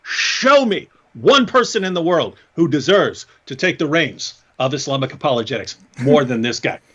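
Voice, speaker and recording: A man co-hosting a casual livestream chat, talking in an animated, mocking way and laughing often. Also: on the high side, moderate pace. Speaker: co-host. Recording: dull lo-fi stream audio.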